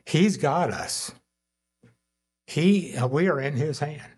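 A man with a somewhat husky voice preaches in a relaxed, conversational way. He pauses often with fillers and lifts his voice to act out quoted lines within the sermon. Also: on the high side. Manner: conversational preaching with frequent fillers, voicing God and Abram in quotes. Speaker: pastor.

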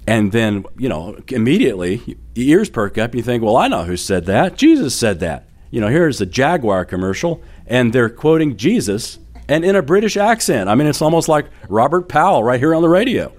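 A man's voice: medium pitch, big pitch swings, fairly quick, few pauses, a little mellow. A middle-aged man preaching a sermon as pastor, telling stories in a conversational way with fillers and light laughter.

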